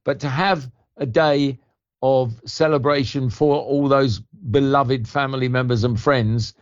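An older English actor, a guest on a radio show, telling stories in a rambling way over the phone. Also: male voice, mid-range voice, fairly even intonation, a little slow. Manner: rambling, warm anecdotal storytelling with restarts. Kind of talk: radio interview chat. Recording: lo-fi phone line.

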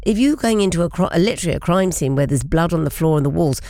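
A woman's voice: lowish voice, animated, fast, warm tone, dry recording, studio quality. A woman hosting a radio interview, chatty and laughing often as she asks questions. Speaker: host.

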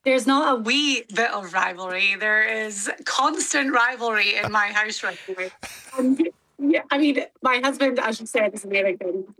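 A Scottish woman talking live on the radio as a guest, chatty and animated. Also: fairly high pitch, moderate pace, no echo, low-quality recording. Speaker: guest calling in live from abroad.

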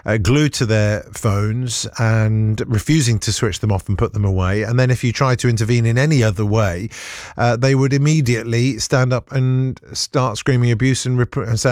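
A man's voice: medium pitch, fairly even intonation, normal speed, darkish tone, no room sound, studio quality. A man hosting a radio phone-in, talking conversationally with plenty of hesitations. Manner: conversational, hesitant with many fillers.

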